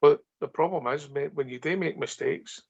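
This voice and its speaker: Gravelly Scottish man making firm points. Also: a little high, normal speed, darkish tone, lo-fi sound. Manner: firm, emphatic, repeats points. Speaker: co-host of a fan phone-in. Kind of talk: casual football chat.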